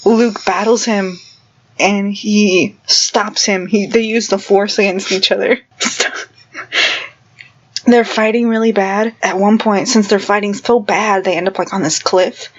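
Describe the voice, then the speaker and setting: A woman's voice: mid-range voice, fairly even intonation, measured pace, highs cut off. A woman vlogger retelling a story in a casual, rambling way, full of fillers and giggles.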